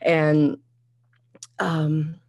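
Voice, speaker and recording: A woman in her thirties telling a candid personal story in conversation, animated, laughing often and acting out her own past thoughts. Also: deep voice, drawn-out words, highs cut off. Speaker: guest sharing a personal story.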